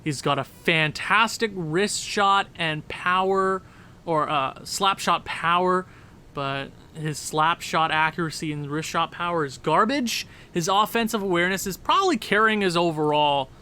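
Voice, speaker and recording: A man giving casual, rambling commentary on a hockey video game, excitable and often correcting himself. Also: sits high, a little slow, slight background noise. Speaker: gaming commentator.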